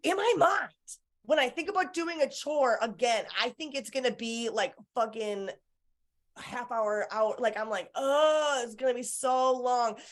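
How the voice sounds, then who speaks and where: A woman with a slightly high voice tells stories in a casual group chat. She acts out her own inner thoughts with lively shifts and swears freely. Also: measured pace.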